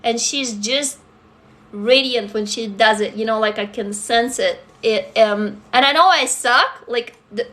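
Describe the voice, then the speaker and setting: A woman's voice: a little high, a little slow, pushed and bright. A woman in her forties with a faint foreign accent, chatting candidly on a livestream, swearing freely and talking straight to viewers. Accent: foreign, mostly faded. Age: 40s. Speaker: livestream host. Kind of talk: casual live chat answering viewers.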